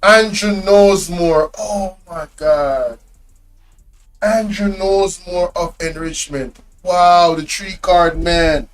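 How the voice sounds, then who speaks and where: A man with a fairly high voice reacts to a video, piling up stunned exclamations and laughter. He talks to his viewers in loose slang and draws his words out at an unhurried pace. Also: faint music behind. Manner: exclaiming, incredulous, often laughing; slang-heavy, addresses viewers directly. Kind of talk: casual reaction commentary.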